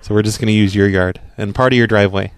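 A man making a prank phone call, talking in a pushy, deadpan, matter-of-fact way. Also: lowish voice, quick pace, clear, resonant tone, dry recording. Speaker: prank caller.

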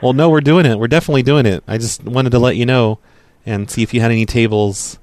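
A man making a prank phone call, talking in a pushy, deadpan, matter-of-fact way. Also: medium pitch, fast talker. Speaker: prank caller.

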